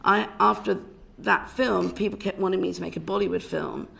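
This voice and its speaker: Passionate British woman with a gravelly edge. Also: mid-range voice, fairly even intonation, normal speed, fairly bright tone. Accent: British English. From Britain. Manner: passionate, emphatic, with many restarts. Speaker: film director giving evidence. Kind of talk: parliamentary committee testimony. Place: committee room.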